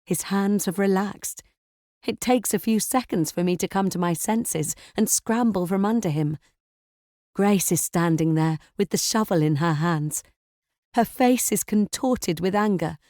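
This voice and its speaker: A woman narrating a thriller audiobook in first person, tense and measured. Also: medium pitch, dark tone, dry recording, clean studio sound.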